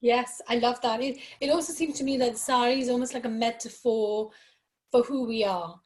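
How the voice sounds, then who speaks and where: A woman's voice: fairly high pitch, moderate pace, darkish tone. A woman hosting an interview over a video call, affirming and encouraging her guest. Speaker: host. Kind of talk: casual interview.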